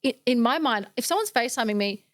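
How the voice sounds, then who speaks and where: High-ish voiced woman, blunt, gets straight to it, dry close mic. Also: animated, dry recording. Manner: blunt, direct, brisk. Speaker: guest, company founder. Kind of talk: casual podcast chat.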